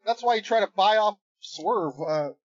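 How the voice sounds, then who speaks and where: A man's voice: high-pitched, normal speed, highs cut off. A man co-hosting a casual podcast, bantering in a wry, joking way. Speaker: podcast co-host. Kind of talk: casual wrestling podcast chat.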